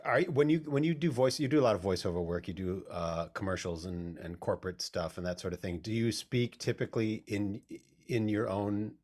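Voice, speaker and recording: A man hosting an interview, asking stumbling questions in a casual, animated way. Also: lowish voice, fairly quick. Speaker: interview host.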